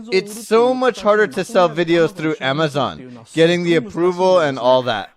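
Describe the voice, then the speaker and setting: A man's voice: a little high, expressive, moderate pace, crowd noise. A man delivering an online lecture in a chatty way, quizzing his audience and reading their comments aloud.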